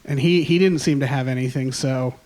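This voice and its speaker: A man's voice: medium pitch, brisk, darkish tone. A man in his thirties telling rambling, self-mocking stories in a casual chat, laughing often. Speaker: podcast guest.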